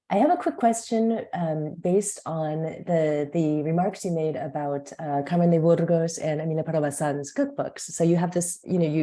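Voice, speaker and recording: A woman's voice: low-pitched, dark tone. A woman asking a question over a video call, polite and hesitant, her voice sounding sick. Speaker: audience member asking a question.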